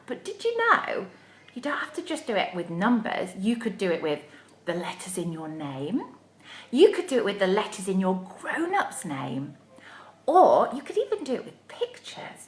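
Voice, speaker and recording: A woman's voice: mid-range voice, roomy sound. A woman leading a live craft playalong for young children, encouraging and sing-song. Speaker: children's activity leader. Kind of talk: live interactive kids' playalong. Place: home room, livestream.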